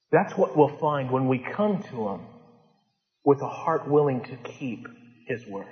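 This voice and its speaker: A man preaching a sermon as pastor, impassioned, swinging from loud urgent peaks to low hushed lines. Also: sing-song, measured pace. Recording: dull lo-fi sound in a large reverberant hall.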